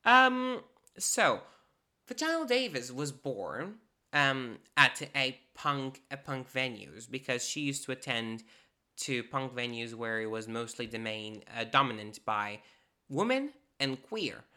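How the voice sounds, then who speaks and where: A woman talking casually and playfully about an artist's work, with sassy, animated asides. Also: very deep voice, slow.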